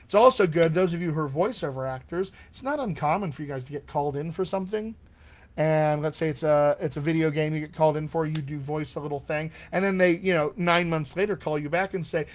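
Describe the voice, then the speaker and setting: A man's voice: a little high, fairly quick. A middle-aged man teaching as a dialect coach in a live-streamed accent class, talking in an enthusiastic, conversational way with frequent asides.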